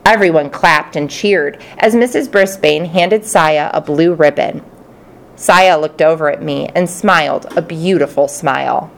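A woman narrating a children's storybook in the first person, expressive and playful. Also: low-pitched, unhurried, gravelly. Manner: expressive, playful character voices. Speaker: audiobook narrator.

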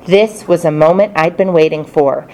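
A woman narrating a children's storybook in the first person, expressive and playful. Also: lowish voice, normal speed. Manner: expressive, playful character voices. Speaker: audiobook narrator.

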